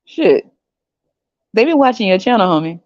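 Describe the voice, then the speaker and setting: A woman's voice: mid-range voice, big pitch swings, moderate pace, a little mellow, no echo. A woman from the United States hosting a podcast, talking bluntly in slangy, mocking casual commentary. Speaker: podcast host. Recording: dry, slightly dull recording.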